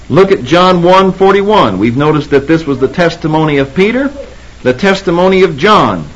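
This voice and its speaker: A man teaching a Bible sermon in a fairly high voice. He reads scripture slowly, cites chapter and verse, and repeats words for emphasis. The sound is dull and lo-fi, like an old tape.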